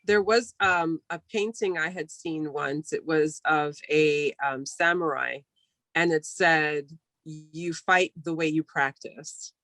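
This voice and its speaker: Woman host, bright sharp voice, dry sound, lots of ums between questions. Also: low voice, takes it slowly, no room sound. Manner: relaxed, hesitant, lots of ums. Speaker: interviewer host. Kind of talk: video call interview.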